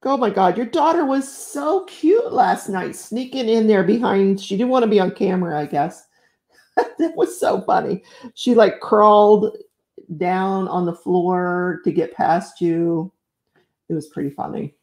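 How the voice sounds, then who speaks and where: A woman's voice: medium pitch, measured pace, a little mellow. Middle-aged woman, livestream host, casual crafting chat, effusive, exclaims a lot, greets viewers. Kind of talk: casual live-stream chat while crafting.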